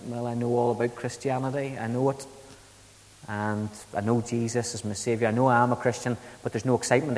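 A man preaching a sermon, telling Bible stories in a lively, dramatic way with big swings between loud and quiet. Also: mid-range voice, long reverb tail.

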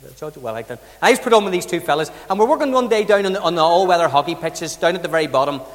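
A man's voice: a little high, animated, racing, in a large hall. A man with an Irish accent, from the south of Ireland, preaching a sermon with chatty storytelling and rhetorical questions. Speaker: pastor.

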